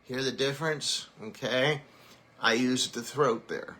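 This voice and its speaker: A man's voice: mid-range voice, steady tone, normal speed, bright, forceful tone. A man teaching a singing lesson, explaining technique and then singing short vowel drills to demonstrate. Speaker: vocal coach.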